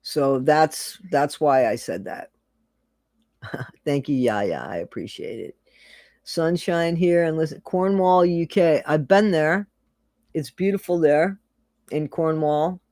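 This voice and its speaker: A rambling host chats through a casual livestream, reading out viewer comments and echoing their own phrases back with easy laughs. The voice sits at a middling pitch and sounds close and dry, with no room around it. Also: slow, darkish tone. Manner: chatty, rambling, laughs often, repeats phrases.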